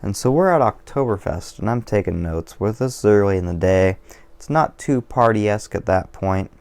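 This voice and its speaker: Gravelly, low-voiced man rambling. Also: lively intonation, normal speed, darkish tone. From Washington State, USA. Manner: digressive, profane, self-deprecating. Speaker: vlogger. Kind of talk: casual rambling monologue over beer.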